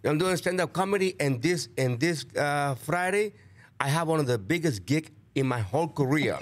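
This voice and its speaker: An easygoing man from Cuba, a guest comedian, answers briefly and goes along with the joking. His voice sits a bit high and moves lively up and down. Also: moderate pace. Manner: easygoing, short answers, plays along with jokes. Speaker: actor and stand-up comedian guest. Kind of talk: casual interview chat.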